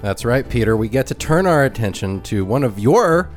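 A man's voice: mid-range voice, sing-song, normal speed, soft background music. A man co-hosting a podcast, bantering playfully in casual chat. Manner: playful, banters with his co-host. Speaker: podcast co-host.

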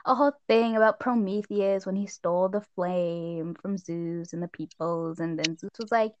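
A teenage girl casually chatting as she reviews a film, lively and full of retellings. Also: normal speed, no echo, highs cut off. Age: teens. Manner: animated, acts out scenes in squeaky voices. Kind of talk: casual chat.

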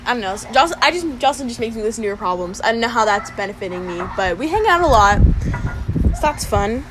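A woman's voice: a little high, animated, fast. Rambling young woman, noisy home recording. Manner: rambling, hesitant, giggly. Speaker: co-host answering questions. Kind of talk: casual chat.

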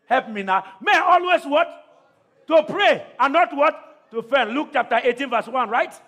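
A man preaching a sermon to a church congregation, calling out questions to the crowd and often shouting. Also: very high voice, animated, a little slow. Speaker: pastor.

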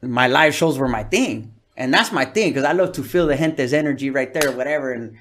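A man's voice: mid-range voice, animated, fairly quick, a bit bright, slight background noise. Slangy, profane man. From California. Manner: slangy, profane, laid-back storytelling. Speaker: comedian guest. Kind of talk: casual interview chat.

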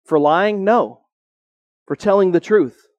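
A man with a high voice preaches with earnest conviction, lifting his pitch on the points he wants to land and slowing right down to stress them. The sound is close and dry, with no room around it. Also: no echo, highs cut off. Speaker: pastor. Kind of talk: sermon.

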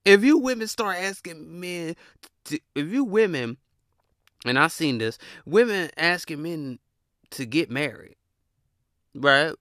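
A man ranting in a blunt, animated, slang-heavy monologue as podcast host, laughing often. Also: on the high side, takes it slowly, pauses often, dry recording, studio quality.

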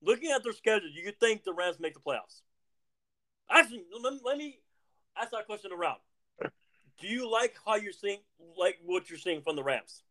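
A man's voice: high-pitched, lively intonation, normal speed, fairly bright tone. A man hosting a casual sports chat, hyped and repetitive, tossing in "bro". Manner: hyped, repeats himself, says bro. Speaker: podcast host.

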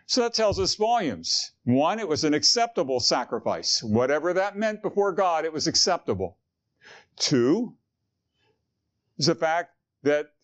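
A man's voice: a little high, expressive, moderate pace. A man preaching a sermon in an earnest, conversational way, asking his listeners questions. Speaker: pastor.

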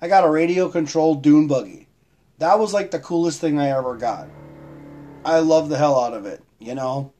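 A man's voice: on the high side, normal speed, dark tone. Chatty man live-streaming, rambling. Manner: rambling, greets viewers by name, laughs often. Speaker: livestream host. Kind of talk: casual live-stream chat.

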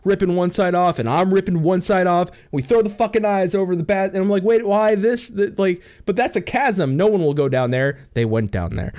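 A man's voice: high-pitched, expressive, fairly quick, a little mellow. A man recapping a game story as a rambling comedic rant, swearing freely, laughing often and acting out the characters.

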